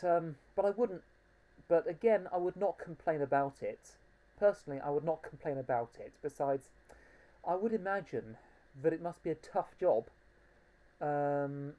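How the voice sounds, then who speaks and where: A woman with a low, mellow voice talks slowly through a home-made plush toy review. She hesitates a lot, restarting sentences and filling gaps with ums, and speaks fondly of the toy. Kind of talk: casual home video review.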